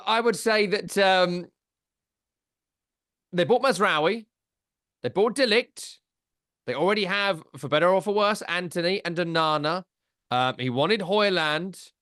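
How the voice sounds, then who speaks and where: A man's voice: fairly high pitch, a bit bright, no room sound, studio quality. A man co-hosting a football podcast, talking in a casual, wry and teasing way. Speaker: podcast co-host.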